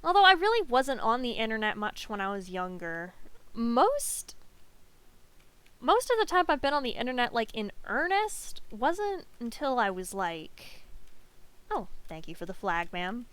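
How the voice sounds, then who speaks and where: A woman's voice: on the high side, very animated, a little slow, a bit bright, clean tone, dry recording. A young woman from the Southern US with a light Southern accent, chatting casually and giggling often while streaming a game. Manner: chatty and giggly, rambling with many fillers.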